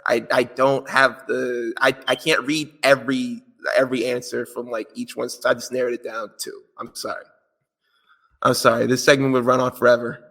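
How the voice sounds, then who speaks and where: A man's voice: medium pitch, level tone, moderate pace, vocal fry, sharp tone. A man co-hosting a podcast in casual chat, reading out listener answers in a joking, slangy, playful way. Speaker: podcast co-host.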